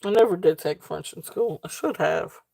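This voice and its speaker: A woman's voice: fairly low pitch, normal speed, gravelly, a little mellow. A woman with a Southern accent hosting a live jewelry sale, chatting casually and rambling off on tangents, laughing often. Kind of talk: casual live-stream selling chat.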